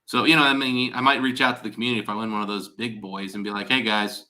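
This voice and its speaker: A man's voice: on the low side, level tone, rapid-fire, sharp tone. A man chatting casually on a live stream as its host, rambling and restarting his sentences. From Ohio, USA.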